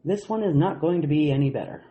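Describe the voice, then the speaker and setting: A man's voice: a little high, quick pace, phone-quality sound, a crowd in the background. Blunt, profane podcast host man. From Canada. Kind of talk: casual podcast chat, reading quotes.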